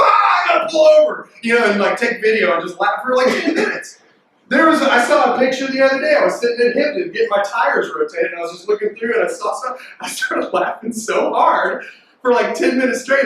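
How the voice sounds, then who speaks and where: A man preaching a lively, joking sermon to teenagers, with sudden loud outbursts when he acts out reactions. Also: very high voice. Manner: animated and jokey, bursts into loud mimicking. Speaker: youth pastor. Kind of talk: youth sermon. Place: large echoey worship hall. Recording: distant mic in reverberant hall.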